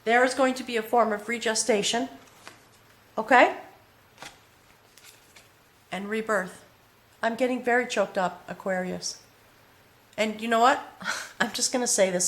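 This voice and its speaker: Speaking straight to the viewer in a slightly high voice, a woman tarot reader delivers a heartfelt, emotional spiritual reading. She often pauses to check in gently with "okay?".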